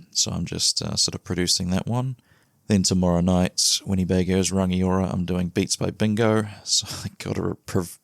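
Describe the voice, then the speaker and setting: A man hosting a podcast intro, talking quietly and keeping his energy low to rest a strained voice. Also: vocal fry, dry recording, clean studio sound. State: resting a strained voice. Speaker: podcast host.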